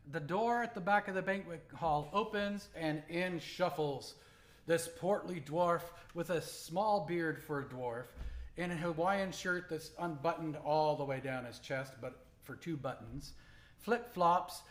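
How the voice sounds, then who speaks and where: A man narrating a tabletop game as game master in a measured, descriptive way. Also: on the high side.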